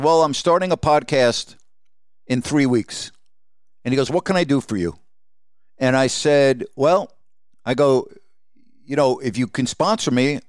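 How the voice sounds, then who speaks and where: A man with a smooth, resonant voice at an ordinary middle pitch tells a story from his own life as a podcast host. He talks in a conversational way and slips in the dialogue of the people he met. The sound is close and dry, with no room around it. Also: no echo. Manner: conversational, retells dialogue with quoted exchanges. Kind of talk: personal storytelling monologue.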